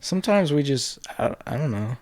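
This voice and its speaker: A young man as a podcast guest, trading joking, deadpan one-liners in casual chat. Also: mid-range voice, normal speed, no room sound.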